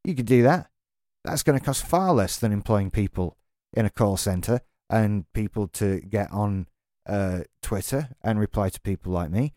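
A man's voice: on the low side, expressive, moderate pace, warm tone, dry recording, studio quality. A man delivering an exasperated, sarcastic, sweary rant as a tech vlogger. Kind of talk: ranting monologue to camera.

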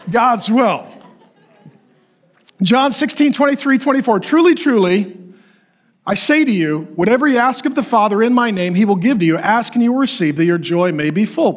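Middle-aged male pastor, lively high preaching voice with a husky edge, jokes and acts out others. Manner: animated, jokey, acts out voices. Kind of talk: sermon.

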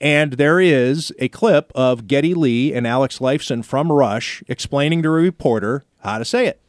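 A male radio host spins a story with chatty, mock-outraged energy. His voice sits at a middle pitch and comes through dry, close to the mic. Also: normal speed, no room sound. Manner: chatty storyteller, playfully indignant. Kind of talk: casual studio banter.

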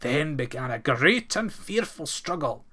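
Male storyteller for a fairy tale, expressive, bright tone. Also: a little high, a little slow. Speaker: narrator. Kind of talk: storybook folktale reading.

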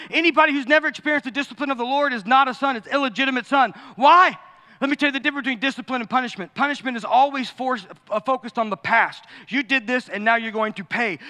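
A middle-aged man preaching a sermon as pastor, animated and acting out quoted voices. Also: high voice. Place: church sanctuary. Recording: long hall reverb.

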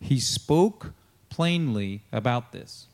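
A man's voice: medium pitch, animated, slow pace, darkish tone. An American man preaching a sermon as a pastor, in a casual, conversational style full of fillers, often acting out the dialogue of Bible figures.

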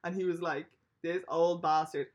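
A young woman, a podcast co-host telling a story in casual, animated chat and swearing freely. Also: lowish voice, normal speed.

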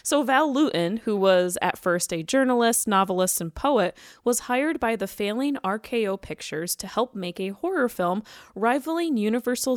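A woman's voice: mid-range voice, no echo, clean studio sound. A young woman co-hosting a casual podcast, chatty as she reads film history with side remarks. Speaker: podcast co-host.

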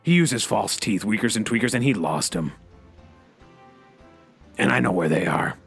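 A man hosting a comedy radio show, delivering a rambling in-character monologue full of a repeated catchphrase, swinging between loud outbursts and low asides. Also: lively intonation, normal speed, gravelly, breathy edge, soft background music. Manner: peppers every sentence with a repeated catchphrase.

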